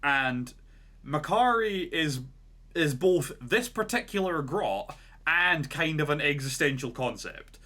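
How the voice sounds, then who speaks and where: Bright-toned man rambling through a story. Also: on the high side, animated, slow pace. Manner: rambling, lots of "like" and "right?". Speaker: podcast co-host. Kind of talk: casual storytelling chat.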